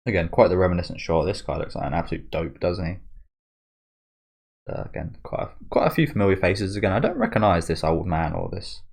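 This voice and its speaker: A man's voice: deep voice, very animated, fairly quick, creaky, darkish tone. A man giving a casual, rambling reaction commentary on an anime trailer, often trailing off as he searches for words. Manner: rambling and chatty, often losing his train of thought.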